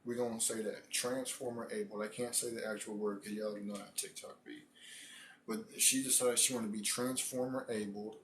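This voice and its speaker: Slangy, animated man with a low voice. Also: normal speed, slight background noise. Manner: animated, slangy, repeats phrases for emphasis. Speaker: commentary streamer. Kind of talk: casual reaction commentary.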